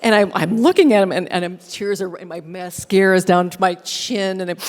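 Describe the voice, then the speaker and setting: A woman radio host telling a candid, self-deprecating story at a live forum, acting out quoted remarks in lively bursts. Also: mid-range voice, fairly quick, hardly any pauses. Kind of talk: storytelling talk with audience Q&A. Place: church hall, live audience. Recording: long reverb of a large hall.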